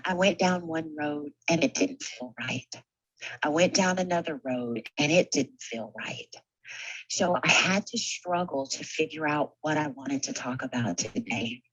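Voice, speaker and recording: Woman speaker, slow and low, conversational conference keynote, rallying her peers. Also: breathy edge, no echo, poor audio. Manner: conversational and rousing, with rhetorical questions. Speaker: simulation technologist and conference speaker. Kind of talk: motivational conference talk.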